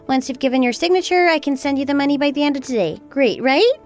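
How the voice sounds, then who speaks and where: Woman voicing a sweet-but-cutting young wife, bright high voice with wide swings, faint music behind. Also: lively intonation, quick pace. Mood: sweetly businesslike. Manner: sweetly polite yet cutting. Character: cool, calculating young wife getting even. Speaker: daughter-in-law.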